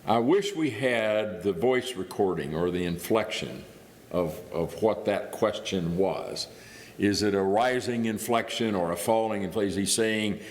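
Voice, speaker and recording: A middle-aged man from Indiana, preaching as a guest, delivers his sermon in a church hall whose reverb carries through the recording. His voice is on the low side at a normal speed, and he talks conversationally, thinking aloud with small restarts.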